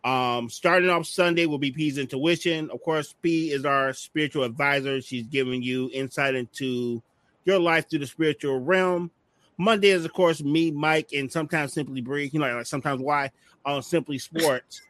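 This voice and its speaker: A man's voice: on the high side, fairly even intonation, normal speed, fairly bright tone, dry recording. A man hosting a casual online show, joking and rambling through the lineup with lots of ums. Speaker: network host. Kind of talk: casual livestream chat.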